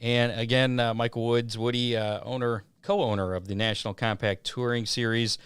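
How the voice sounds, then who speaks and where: A man's voice: medium pitch, clean tone, no room sound. Host of a racing talk show, man, resonant voice, dry sound. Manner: relaxed, halting with fillers. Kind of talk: casual interview hosting.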